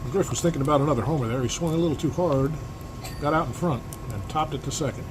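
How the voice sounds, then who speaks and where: This play-by-play announcer narrates a tabletop baseball game in broadcaster fashion, adding remarks about how his dice land. His voice is a little high and quick, over a background of air-conditioning hum.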